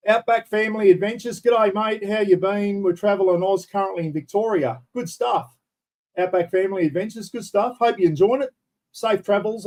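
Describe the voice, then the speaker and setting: Older aussie guy rambling on a home live stream, bit higher voice, laid-back swearing, laptop mic. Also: darkish tone, rough recording. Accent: Australian. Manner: chatty, greets viewers by name, swears casually. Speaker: livestream host. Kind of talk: casual live-stream chat. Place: indoors at home. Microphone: computer's built-in microphone.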